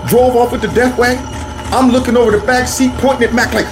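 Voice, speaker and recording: A man telling a comic story in an animated way, speaking straight to his audience. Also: high voice, brisk, music in the background. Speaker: comedic storyteller. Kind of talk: comedic storytelling.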